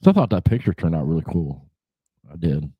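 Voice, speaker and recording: A man's voice: sits low, huge pitch swings, brisk, husky, no room sound, dull audio. A man hosting a casual livestream chat show, rambling and laid-back, swearing freely, with lots of "you know" fillers. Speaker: podcast host.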